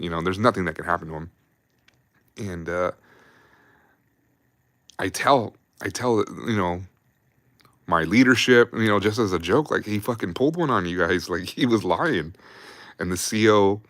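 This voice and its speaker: Low-voiced male host in his thirties, casual, profane, rambling army yarns, dry close sound. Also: a bit bright, dry recording. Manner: rambling, profane, laughs while telling stories. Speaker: livestream host telling army stories. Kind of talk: casual storytelling on a livestream.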